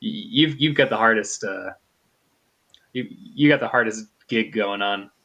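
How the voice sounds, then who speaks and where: A man's voice: on the low side, unhurried, bright, forceful tone. A man from the US West Coast, a tabletop game player, chatting casually and rambling with many restarts. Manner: rambling, restarts sentences a lot.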